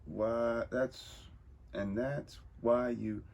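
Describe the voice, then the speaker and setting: A man's voice: mid-range voice, fairly even intonation, extremely slow, vocal fry, a little mellow. A man voicing a grinning, menacing male clown villain in a comic book reading, talking in a theatrical, taunting sing-song.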